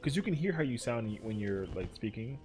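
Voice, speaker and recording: A man's voice: medium pitch, sing-song, moderate pace, a little mellow, faint music behind. A young man streaming a game, chatting casually and rambling with lots of "like" fillers. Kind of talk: casual chat while gaming.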